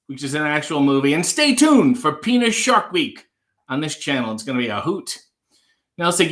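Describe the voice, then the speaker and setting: A man's voice: on the high side, big pitch swings, moderate pace, a bit bright. A man hosting a casual livestream, reading viewer comments aloud and answering with wry, joking asides. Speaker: livestream host.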